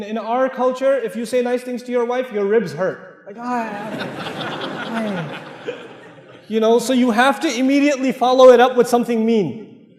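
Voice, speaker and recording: A man preaches to a live congregation in a high, ringing voice. He drives points home by repeating them, mixing stern urging with humor. The sound has the long, echoing reverb of a large hall. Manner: emphatic, repeats key phrases, joking asides. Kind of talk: lively sermon to a live congregation.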